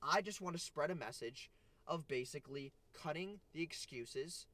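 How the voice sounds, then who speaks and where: Blunt, scolding man with a higher voice. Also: expressive, normal speed, pushed and bright, no room sound. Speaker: vlogger. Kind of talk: motivational rant to camera.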